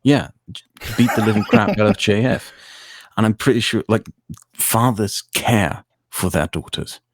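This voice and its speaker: A man on a podcast, making his case in measured, repetitive phrases during casual commentary. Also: on the low side, no echo, clean studio sound. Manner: measured, argues with repeated phrases. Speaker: podcast co-host.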